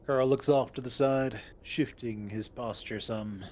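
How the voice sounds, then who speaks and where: A man's voice: mid-range voice, fairly even intonation, unhurried, a little mellow. A man narrating a visual novel in the first person and voicing its lead, in a wry storytelling manner.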